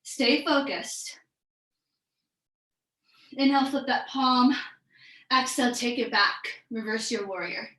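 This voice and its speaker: A woman's voice: a little high, slow, pauses often, fairly bright tone, reverberant, low-quality recording. Upbeat woman calling yoga poses. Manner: upbeat, encouraging, calls out breaths and poses. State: a bit out of breath. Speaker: yoga instructor. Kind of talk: live online yoga class cues.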